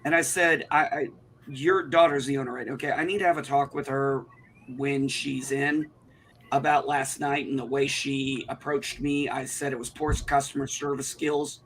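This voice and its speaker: A man's voice: medium pitch, steady tone, normal speed, fairly bright tone, slight background noise. Indignant man ranting. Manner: indignant, profane storytelling. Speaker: livestream co-host. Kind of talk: casual chat, telling a story.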